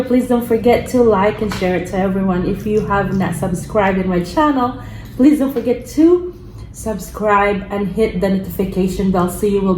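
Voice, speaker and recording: A woman from the Philippines hosting a family mukbang vlog, chatting slowly and coaxing her child. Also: medium pitch, darkish tone. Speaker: vlogger mother hosting a mukbang. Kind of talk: casual family vlog chat. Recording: echoey room with faint background hum.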